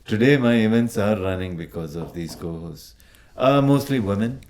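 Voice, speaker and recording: A man with an Indian accent, a podcast guest talking casually, often pausing and restarting. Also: on the low side, expressive, a little mellow, a little hiss or hum. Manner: hesitant, many restarts and fillers. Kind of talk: casual conversation.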